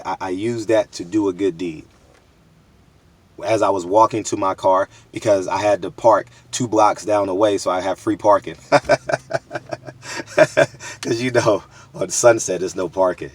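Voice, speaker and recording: A man in his thirties from the United States, talking straight to his viewers in a candid, emphatic, street-casual monologue full of repeats. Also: medium pitch. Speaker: boxing media vlogger.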